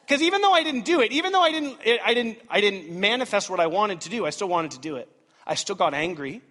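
Swinging between booming outbursts and hushed asides, a pastor in his thirties gives an animated, dramatic sermon. He has a high voice, and the recording carries the reverb of a church hall.

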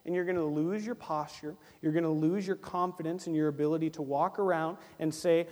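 A man's voice: fairly high pitch, steady tone, brisk, a little mellow. A man preaching a sermon to his church, acting out little dialogues and repeating phrases for emphasis. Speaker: pastor. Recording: long reverb of a church hall.

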